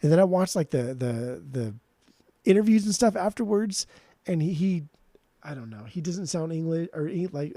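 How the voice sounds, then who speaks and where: A man's voice: on the high side, warm tone, no room sound, studio quality. A man co-hosting a podcast, talking in a rambling, profane, ranting way. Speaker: podcast co-host. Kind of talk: casual podcast chat.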